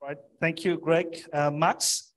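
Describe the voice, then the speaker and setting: A man runs a live panel discussion at a conference. His voice sits fairly high and he speaks slowly. He pauses often and restarts his sentences. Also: level tone. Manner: halting, many fillers and restarts. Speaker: panel moderator. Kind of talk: hesitant live event moderating. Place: conference hall.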